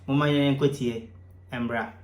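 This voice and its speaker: Measured male host in an echoey room. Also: mid-range voice, fairly even intonation, slight background noise. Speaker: channel host. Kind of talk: commentary narration. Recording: roomy echo.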